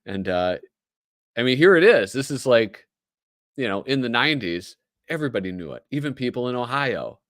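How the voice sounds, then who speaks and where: A man's voice: medium pitch, sing-song, normal speed, a bit bright, no room sound, clean studio sound. A man with a Midwestern American accent, hosting a casual livestream, chatty and joking as he reads aloud. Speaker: host.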